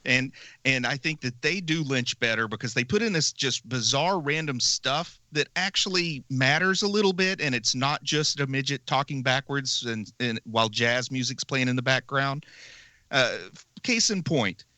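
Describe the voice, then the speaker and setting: A man's voice: mid-range voice, animated, moderate pace, pushed and bright, no echo. A man co-hosting a movie podcast, chatting casually with long opinionated riffs and frequent laughs. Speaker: podcast co-host. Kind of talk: casual movie review chat.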